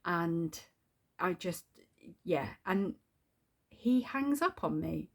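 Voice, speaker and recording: A woman's voice: on the low side, expressive, extremely slow. A woman venting in a video diary, swearing often as she rants. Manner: swears a lot, ranting. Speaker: video diarist. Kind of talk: angry venting vlog.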